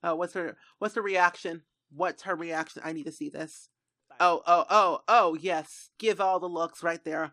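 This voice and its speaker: Woman gamer commentating, bright voice, dry close sound, gets exasperated and bosses the characters around. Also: on the low side, normal speed, no room sound. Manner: exasperated, talks to the game characters; animated, dramatic retellings. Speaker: gaming streamer. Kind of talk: let's play commentary.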